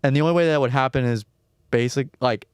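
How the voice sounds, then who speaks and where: A young man chatting on a podcast, smooth and clear in tone, pausing and restarting as he searches for words. He speaks at a middle pitch. The sound is dry and close to the mic. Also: no echo. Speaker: podcast co-host. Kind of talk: casual chat.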